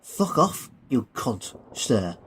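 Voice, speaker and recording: A man voicing a foul-mouthed, hot-tempered soldier from Liverpool with a Liverpool accent, insolent and loud. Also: fairly high pitch, lively intonation, normal speed, slight background noise, voice pushed up, close to an everyday voice. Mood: cheeky, combative. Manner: insolent, swearing, shouts.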